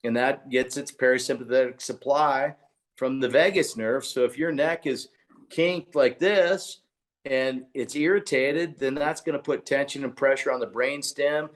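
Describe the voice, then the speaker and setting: A man who is a chiropractor and podcast co-host, chatting casually and telling clinic stories in an excitable, blunt way. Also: mid-range voice, a little slow.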